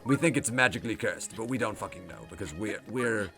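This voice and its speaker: A man's voice: fairly low pitch, a little fast, over music, natural voice. A man voicing a suspicious, rambling male village guard in a put-on French accent, blustering and then chatty and crude.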